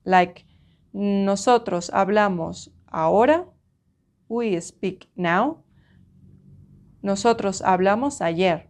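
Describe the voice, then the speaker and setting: Patient woman teaching an online lesson. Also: mid-range voice. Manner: patient, explains step by step, often checks with "okay?". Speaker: Spanish teacher.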